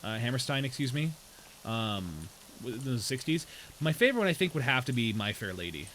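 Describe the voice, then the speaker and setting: A man's voice: medium pitch, big pitch swings, a little fast, a bit bright, slight background noise, rough recording. A man streaming a game, chatting casually and explaining things in a rambling way. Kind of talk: casual chat while gaming.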